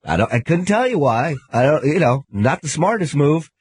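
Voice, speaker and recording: A man's voice: on the high side, very animated, normal speed, husky, dry recording. A man on a radio talk show, chatting and telling a story, laughing often as he goes. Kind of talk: casual radio chat, storytelling.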